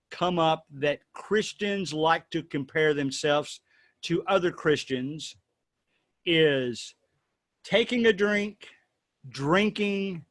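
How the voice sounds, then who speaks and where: Male host, playful and rambling, slightly high voice, dry close sound. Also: a bit bright, no echo. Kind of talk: casual discussion.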